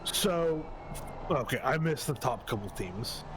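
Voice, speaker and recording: Slow-talking man commentating with hiccups. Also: medium pitch, noisy background. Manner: relaxed, laughing, thinking aloud with restarts. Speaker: race commentator. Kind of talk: casual sim racing commentary.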